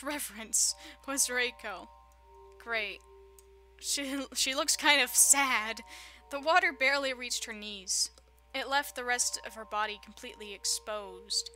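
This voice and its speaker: A woman with a fairly high, very bright voice reads a visual novel's narration aloud. She keeps interrupting herself with sarcastic jokes and frequent laughter. Faint game music plays behind her. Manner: laughs often, teasing sarcastic asides. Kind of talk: reading game text aloud with joking commentary.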